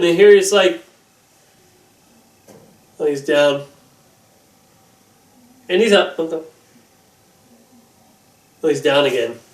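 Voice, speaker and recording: A man reviewing a film in a casual, animated way, rambling with lots of fillers. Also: high-pitched, far from the mic. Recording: roomy room, voice off-mic.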